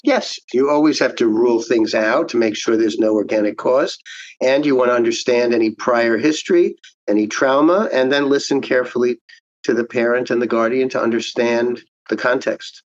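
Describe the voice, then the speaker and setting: A man, a child psychiatrist, giving measured, explanatory answers in an interview. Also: mid-range voice, no room sound, highs cut off.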